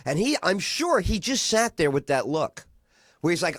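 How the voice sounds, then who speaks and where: A male radio host chatting casually and rambling through his stories. His slightly high voice jumps up and down a lot. The studio sound is dry and close. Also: moderate pace, dry recording. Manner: animated, rambling storyteller.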